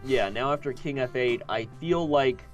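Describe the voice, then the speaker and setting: A man's voice: medium pitch, normal speed, lo-fi sound, music in the background. A man commentating a chess game he is playing on a live stream, joking and thinking aloud.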